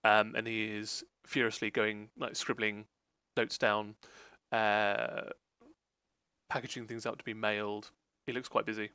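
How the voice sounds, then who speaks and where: A man's voice: on the low side, flat delivery, a little slow, sharp tone, smooth, dry recording. A man narrating a tabletop role-play game as game master, rambling with lots of fillers.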